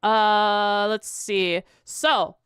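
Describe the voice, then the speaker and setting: A young woman livestreaming as she plays a quiz, chatting casually and thinking aloud with halting restarts. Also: medium pitch, level tone, a bit bright, smooth, dry recording. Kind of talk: casual livestream chat while playing a quiz.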